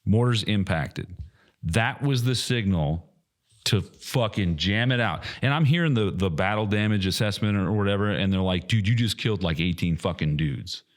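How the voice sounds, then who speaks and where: A man co-hosting a podcast, telling a heated, profane story with loud mocking quotes. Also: lowish voice, moderate pace. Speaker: podcast co-host. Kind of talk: casual podcast chat.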